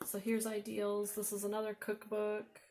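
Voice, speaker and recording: With slight background noise, a woman speaks at normal speed in a medium-pitched, a little mellow voice, her delivery completely flat. She has an Upper Midwest American accent and is a vlogger casually presenting vintage books she thrifted, thinking aloud while admiring the pictures.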